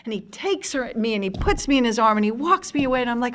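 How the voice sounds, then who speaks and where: A woman in her fifties from the United States, telling lively anecdotes at a convention panel with many fillers and restarts. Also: a little high, quick pace, a little hiss or hum. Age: 50s. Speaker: panel guest.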